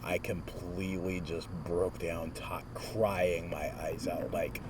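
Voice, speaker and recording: A man's voice: low voice, takes it slowly. A man in his twenties talking casually with a friend, telling a story with lots of expression and acting out other people's lines. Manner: animated storyteller who acts out quotes. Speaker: vlogger. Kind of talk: casual conversation. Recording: distant mic with clear noise.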